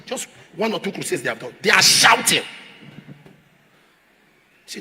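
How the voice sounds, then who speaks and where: A man preaching a sermon as a pastor, emphatic, repeating phrases and rising to shouts. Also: sits high, huge pitch swings, moderate pace, pauses often, breathy edge, in a large hall. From Nigeria.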